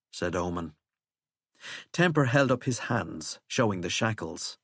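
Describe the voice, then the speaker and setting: A male audiobook narrator reading in a measured, scripted way, dropping low on the speech tags. His pitch moves a lot, and the recording is close and dry with no room sound. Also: animated, creaky, fairly bright tone, dry recording.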